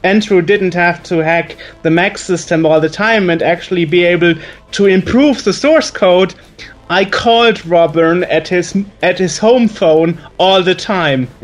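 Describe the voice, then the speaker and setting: A man with a German accent speaks with a high voice as a guest. He reminisces in a chatty, storytelling way and stumbles over words now and then. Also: a little slow. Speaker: guest, magazine editor. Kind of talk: casual reminiscing.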